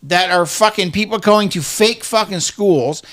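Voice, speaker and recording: High-voiced man ranting heatedly. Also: a little slow, fairly bright tone. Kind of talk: casual chat.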